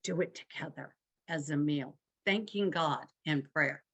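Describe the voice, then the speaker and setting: A woman's voice: low-pitched, measured pace, slight background noise. An older woman giving an instructive talk to couples, emphatic and conversational, with dramatic dips and rises in her voice. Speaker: marriage workshop speaker.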